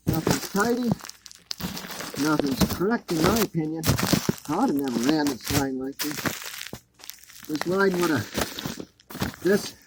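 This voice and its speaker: Over a noisy background, a homeowner with a high voice crawls under his house and rants with sarcasm and anger about a botched install. The clip is an annoyed walkthrough vlog.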